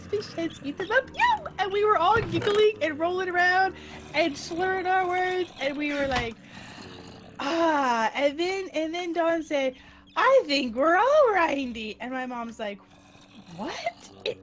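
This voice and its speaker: Very high-pitched animated woman. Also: noisy background. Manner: animated, giggly, acts out quotes in voices. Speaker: streamer joining a Minecraft session. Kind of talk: casual storytelling chat.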